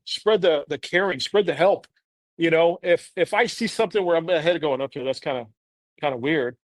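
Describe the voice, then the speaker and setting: A man's voice: a little high, dry recording. A man in his thirties, a podcast guest, telling a candid personal story in an earnest, rambling way full of "you know".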